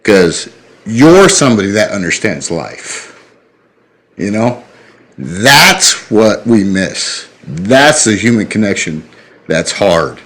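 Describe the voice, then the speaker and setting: A man's voice: on the low side, very animated, takes it slowly, a bit bright. A man in his thirties, a podcast host, telling an emotional story in an earnest, plain-spoken way, choked up and slightly tipsy. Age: 30s.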